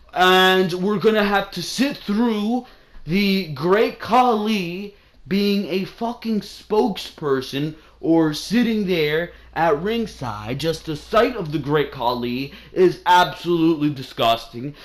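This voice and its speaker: A man recapping a wrestling show in a loose, profane rant. His voice sits somewhat high, and he sounds fed up and sarcastic throughout.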